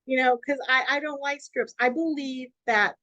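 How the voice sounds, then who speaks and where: Radio host woman with a high, bright-pitched voice, talks freely and emphatically. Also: normal speed, dry recording, dull audio. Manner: emphatic, free-flowing, animated. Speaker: radio host and network owner. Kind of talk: casual interview talk.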